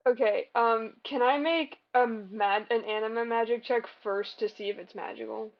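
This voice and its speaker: Woman player, slightly high voice, hesitant, dull lo-fi mic sound. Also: fairly even intonation, moderate pace. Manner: hesitant, with many ums and okays. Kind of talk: tabletop game play.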